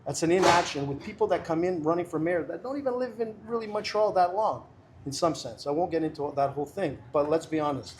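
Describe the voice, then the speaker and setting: A man's voice: fairly high pitch, expressive, fast talker, a little hiss or hum. A middle-aged man talking earnestly and emphatically as a candidate guest in a casual interview. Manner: emphatic, earnest and persuasive, many restarts.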